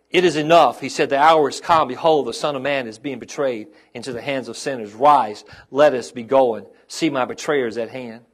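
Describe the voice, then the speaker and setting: A man, a pastor preaching a sermon to his congregation and calling out to them as his intensity rises. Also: fairly high pitch.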